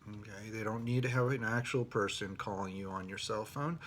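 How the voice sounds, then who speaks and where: A middle-aged man telling a personal story, indignant and animated, with outraged quoted exclamations. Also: on the low side, a little fast.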